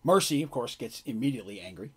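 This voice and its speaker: Needs: husky male game master, lively narration. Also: medium pitch, quick pace. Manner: animated, casual descriptive narration.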